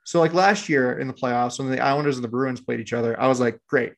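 A man's voice: mid-range voice, quick pace, creaky. A laid-back man co-hosting a podcast in casual, rambling sports chat. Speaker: podcast co-host.

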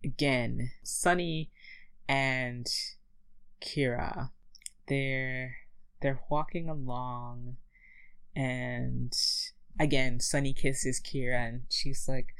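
Brief: low-pitched woman, chatty, wry podcast co-host recapping a film. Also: fairly even intonation, very slow, long pauses, fairly bright tone, clean tone, poor audio. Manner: chatty, wry, laughing asides. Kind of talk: casual chat, movie recap.

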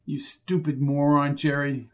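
A man with a fairly high, level voice gives an audiobook character voice at a measured pace, acting only lightly. He plays a determined male investigator who speaks bluntly and impatiently, sounding exasperated and insistent.

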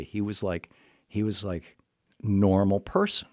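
An older man, a therapist, telling a story in a halting conversational way, with many restarts and fillers. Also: fairly low pitch, steady tone, darkish tone, dry recording, clean studio sound.

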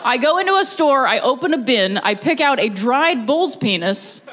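A woman from Ohio performing a stand-up comedy set, dropping deadpan punchlines between laughing, self-mocking asides. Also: high-pitched, moderate pace. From Ohio, USA. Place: comedy venue with a live audience.

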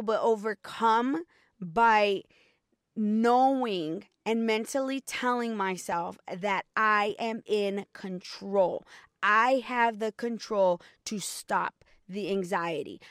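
A woman's voice: medium pitch, slow, a bit bright, no echo. Candid chatty woman vlogger, dry sound. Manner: candid, chatty, addresses viewers directly. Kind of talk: personal storytelling to viewers.

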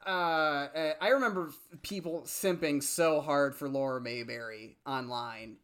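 A man's voice: on the high side, a little slow, fairly bright tone, clear, resonant tone. A young man co-hosting a music podcast, talking casually with frequent fillers and restarts. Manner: chatty, lots of fillers and restarts. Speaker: podcast co-host. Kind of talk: casual chat.

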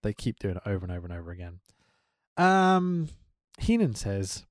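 A man co-hosting a casual podcast chat, animated and quick to laugh, swearing freely as he talks. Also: on the low side, no echo, studio quality. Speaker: podcast co-host.

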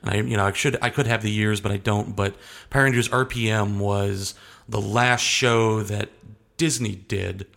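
A man's voice: lowish voice, fairly even intonation, normal speed, creaky, a bit bright. A young adult man talking casually as an interview guest, rambling and hesitant, often restarting his sentences.

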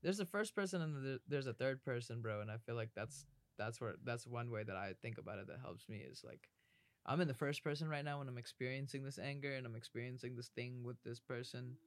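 A man's voice: medium pitch, fairly quick, no room sound. A man in casual podcast chat, talking earnestly and reflectively, dropping "bro" now and then.

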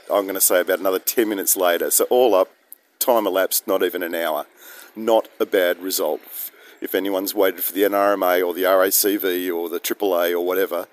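An Australian man telling a rambling, self-deprecating story outdoors, recorded on a phone. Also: fairly low pitch. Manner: chatty, self-deprecating, digressive. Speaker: vlogger. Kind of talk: rambling casual monologue. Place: outdoors in misty rain.

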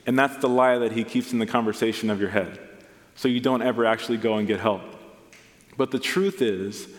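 A young adult man preaching a sermon as a pastor, earnest and storytelling, acting out what people said. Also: medium pitch. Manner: earnest, storytelling with acted-out quotes. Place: church auditorium. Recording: long reverb of a large hall, soft guitar behind. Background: soft guitar music.

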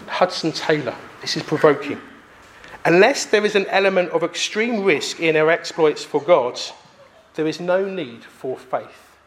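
Emphatic high-voiced preacher. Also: male voice, slight background noise. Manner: emphatic, pausing for effect. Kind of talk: sermon.

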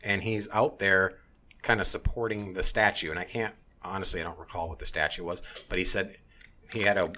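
A man with a fairly low-pitched voice, talking in a blunt, heated, casual way. He swears freely and keeps stopping to restart his sentences. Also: pushed and bright. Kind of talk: casual opinionated chat.

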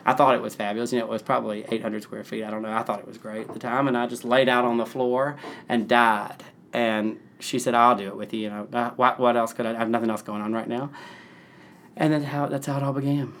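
Excitable rambling man in his thirties. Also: medium pitch, fast. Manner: rambling, excitable, laughs while talking. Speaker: event planner, interview guest. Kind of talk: casual storytelling interview.

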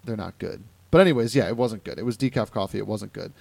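Animated young man from Ohio with a gravelly voice. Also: fairly low pitch, fast, no echo. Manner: animated storytelling with quoted voices. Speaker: podcast host. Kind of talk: casual chat.

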